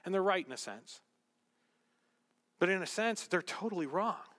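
A man preaching a sermon, animated, with joking asides, swinging between loud emphasis and hushed remarks. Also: high-pitched, normal speed. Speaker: pastor. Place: church sanctuary. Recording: long reverb of a church hall.

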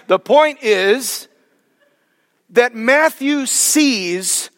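A man preaching a sermon as pastor, emphatic, drawing key words out slowly for weight. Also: sits high, lively intonation, fairly bright tone. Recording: long reverb of a large hall.

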